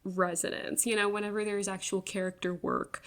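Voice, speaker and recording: A woman's voice: mid-range voice, little pitch movement, normal speed. Young woman ranting about a book. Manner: casual, fillers, swearing, exasperated laughs. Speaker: book reviewer. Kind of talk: rambling rant review.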